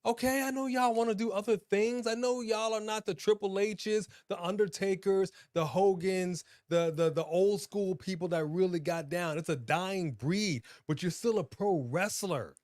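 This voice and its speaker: A man co-hosting a casual wrestling chat show, talking in an emphatic, animated, slangy way. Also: high voice, moderate pace, few pauses, dry recording, studio quality. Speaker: podcast co-host.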